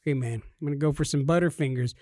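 Excitable high-voiced man telling stories. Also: fast, no echo, studio quality. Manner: excitable, does voices for people in his stories. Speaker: podcast co-host. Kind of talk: animated storytelling chat.

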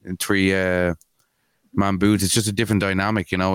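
A man's voice: deep voice, level tone, fairly quick, clear, resonant tone, dry recording. A man co-hosting a podcast in casual sports chat, rambling with lots of fillers and swearing. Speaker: podcast co-host.

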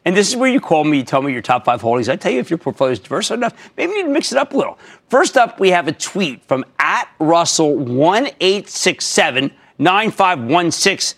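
Man in his 60s, finance TV host, high voice, bright, emphatic, excitable. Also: fairly quick. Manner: emphatic, excitable, shouts names. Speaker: TV stock market show host. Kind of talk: energetic TV finance commentary.

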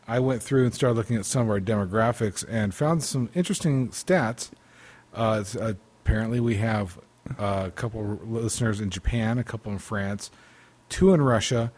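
A man's voice: fairly low pitch, darkish tone. A man co-hosting a podcast in casual chat, speaking in a dry, matter-of-fact way. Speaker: podcast co-host.

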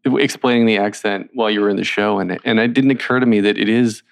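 A man hosting an interview, asking relaxed questions and laughing along with his guest. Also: fairly low pitch, fast talker, gravelly. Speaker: podcast host. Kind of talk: casual interview chat.

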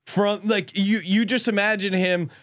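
A male podcast host with a fairly high voice who jokes quickly and laughs through his stories. The sound is close and dry, with no room at all. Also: steady tone, fairly bright tone, no echo. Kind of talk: casual sports chat.

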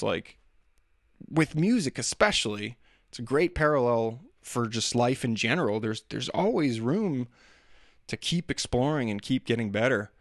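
A man's voice: medium pitch, dry recording. Chatty man, dry close sound. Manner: chatty, self-deprecating, demonstrates singing sounds. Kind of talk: casual monologue.

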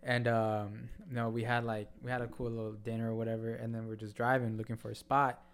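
A man on a podcast telling a story in relaxed, slangy casual chat, often restarting his sentences. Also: mid-range voice, a little fast, smooth. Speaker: podcast co-host.

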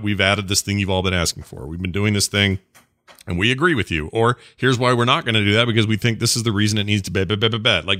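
Male podcast co-host, eager and chatty, crisp bright voice, dead-dry booth sound. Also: fairly low pitch, no room sound. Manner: enthusiastic, rambling, quick asides. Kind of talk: casual podcast chat.

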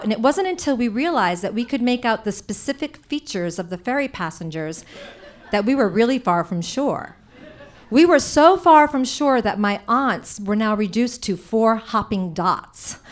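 A woman telling a personal story before a live audience, in an animated, chatty way with many "like"s. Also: medium pitch.

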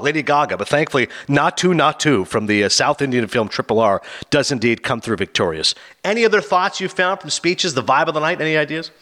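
A man hosting a casual chat, giving quick, opinionated retellings of an awards night. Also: a little high, sharp tone. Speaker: podcast host.

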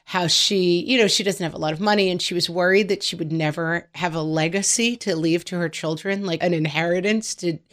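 A woman's voice: on the low side, a little fast, hardly any pauses. Chatty middle-aged woman podcast host. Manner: chatty, animated storytelling. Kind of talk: casual podcast chat.

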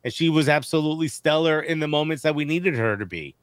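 A man co-hosting a casual sports podcast, animated and joking, using slang, on a studio mic. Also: fairly high pitch, fast talker, smooth, dry recording. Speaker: podcast co-host.

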